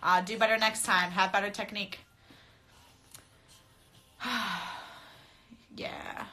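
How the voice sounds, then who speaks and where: Speaking at a slow pace with a sharp tone and fairly even intonation, this young adult woman has a mid-range voice. She's an MMA fighter on a casual phone live stream, laughing often and swearing bluntly as she addresses viewers directly. The audio comes from her phone camera.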